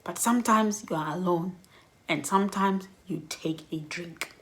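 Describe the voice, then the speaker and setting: A woman's voice: lowish voice, normal speed. Candid woman giving heartfelt advice. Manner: candid, reflective, laughs between points. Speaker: vlogger. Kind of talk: personal advice vlog.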